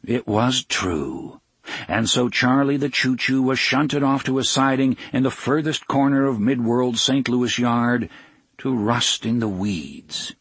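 A man narrating a children's storybook aloud with an expressive storytelling cadence. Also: mid-range voice, unhurried, husky, no room sound. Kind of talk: storybook reading.

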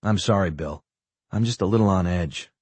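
A man's voice: sits low, normal speed, a little mellow, slightly rough, no echo. A man reading an audiobook, voicing a tense young male federal agent with clipped, defensive replies. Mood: edgy.

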